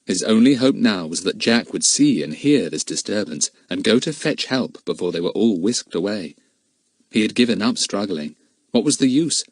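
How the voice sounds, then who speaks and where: A man reading a children's adventure novel aloud as narrator, in a steady storytelling manner. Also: lowish voice, normal speed, no echo, clean studio sound. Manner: steady storytelling, shifting into character voices. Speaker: audiobook narrator. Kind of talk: scripted narration.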